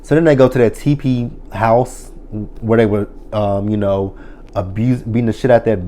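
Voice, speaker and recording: A man with a fairly low voice and a mellow, relaxed tone talks through a TV episode. His recap is loose and chatty, full of swearing and fillers. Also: moderate pace. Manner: profane, chatty retelling with many fillers. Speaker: TV episode reviewer. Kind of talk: casual recap chat.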